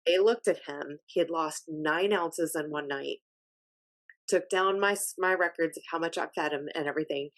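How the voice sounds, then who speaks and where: A woman hosting a podcast, telling a personal story in a casual, animated and emphatic way. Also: deep voice, moderate pace. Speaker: podcast host.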